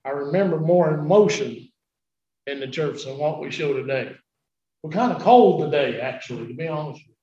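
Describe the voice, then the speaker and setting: A preacher in his sixties delivers an emotional sermon, his fairly high voice leaping from shouts to near-whispers. The recording is muffled and lo-fi. The church room around him rings with echo. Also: animated, normal speed. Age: 60s.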